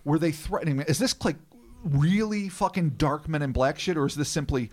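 A man's voice: a little high, fairly quick, a little mellow. A man hosting a podcast who swaps between reading a case aloud and profane, sardonic banter. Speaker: podcast co-host and story reader. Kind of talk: casual podcast chat mixed with reading.

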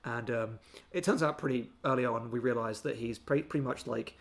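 A chatty man co-hosting a film podcast, talking in an animated, mocking way and slipping into exaggerated impressions now and then. His voice sits at a middling pitch. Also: fairly quick. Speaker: podcast co-host. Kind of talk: casual film review chat.

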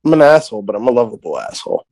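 A man's voice: medium pitch, big pitch swings, rapid-fire, darkish tone, dry recording. Teasing man, dry close sound. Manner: teasing, playful. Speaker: podcast co-host. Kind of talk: casual podcast banter.

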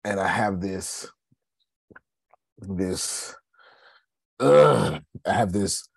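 A man with a low, husky voice hosts a podcast. He talks emphatically, repeats key phrases and calls listeners by name. The sound is close and dry. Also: expressive, extremely slow, no echo. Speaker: podcast host. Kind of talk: casual live coaching talk.

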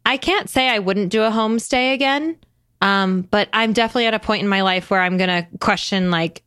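A woman hosting a podcast in casual conversation, chatty and animated, with lots of fillers and frequent laughs. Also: mid-range voice, brisk, clear, resonant tone, dry recording. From United States. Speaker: podcast host.

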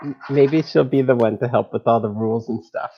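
A man's voice: mid-range voice, steady tone, brisk, a little hiss or hum. A man hosting a game stream, chatting casually and laughing often. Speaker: stream host. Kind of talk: casual chat. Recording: slightly dull mic.

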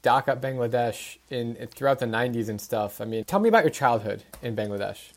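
A man's voice: mid-range voice, fairly quick. A man with an American accent hosting a podcast, asking questions in a friendly, enthusiastic way. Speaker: podcast host. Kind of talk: casual interview conversation.

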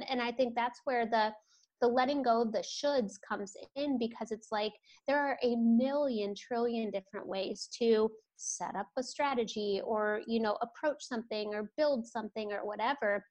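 A woman guest in an interview, talking about business in a relaxed, rambling way with many fillers. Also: on the high side, moderate pace. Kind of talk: casual interview chat.

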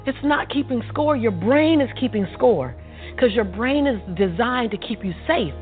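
A woman guest telling her life story in a lively, motivational way, acting out the dialogue and laughing often. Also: on the high side, moderate pace. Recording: tinny phone-like sound with faint music.

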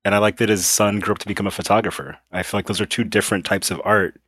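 Man, very deep voice, dry close sound, casual podcast book talk, upbeat. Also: fairly even intonation, fast, a bit bright, slightly rough, no room sound. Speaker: podcast co-host.

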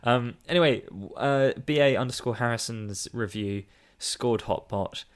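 A man's voice: mid-range voice, measured pace. A man, co-hosting a casual film review podcast, reading reviews aloud with mock emphasis and laughing often. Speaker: podcast co-host.

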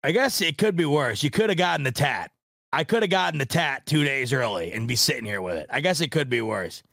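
A man's voice: medium pitch, lively intonation, a little fast, gravelly, fairly bright tone. A man hosting a casual sports podcast, rambling and venting with frustration and some swearing. His mid-range voice sits close to the mic in a dry, dead room with no echo. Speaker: podcast host.

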